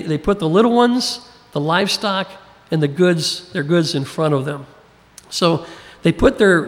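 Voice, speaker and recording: A man's voice: fairly high pitch, vocal fry, big-room sound. A man preaching a sermon in a folksy way, chuckling often as he reads scripture aloud and acts out the quotes. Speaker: pastor.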